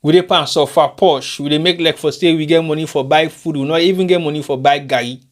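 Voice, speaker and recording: A high-pitched man with a Sierra Leonean Krio-inflected accent hosts a live online show. He slips between English and Krio and keeps throwing rhetorical questions at his listeners. He circles back to the same catchphrases again and again. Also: steady tone, fast. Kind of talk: animated commentary, mixing English and Krio.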